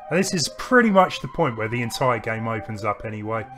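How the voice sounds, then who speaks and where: A man's voice: mid-range voice, lively intonation, fairly quick, fairly bright tone, soft background music. A man co-hosting a game stream, chatting casually and rambling with restarts while he plays. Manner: rambling, with frequent restarts and laughs. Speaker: streamer co-host. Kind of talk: casual chat while playing games.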